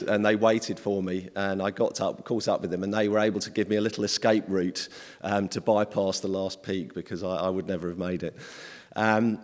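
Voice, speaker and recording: A man's voice: on the low side, big-room sound. A man preaching an informal sermon in a conversational, hesitant way, with many ums.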